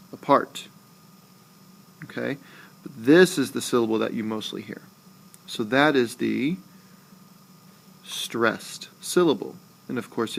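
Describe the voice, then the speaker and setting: A man teaching a recorded lesson, talking slowly and deliberately and saying example words aloud more than once. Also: medium pitch, vocal fry. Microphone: screencast voice-over.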